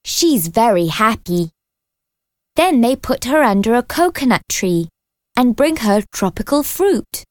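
A woman reading a children's storybook aloud as narrator, clear and expressive. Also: fairly high pitch, measured pace.

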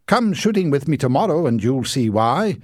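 A man voicing a blunt, hot-tempered young hunter who scoffs and shouts in a storybook reading. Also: mid-range voice, very animated, moderate pace, no echo, clean studio sound, voice pushed up, lightly acted. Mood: scornful. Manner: gruff, scornful, shouting when angry.

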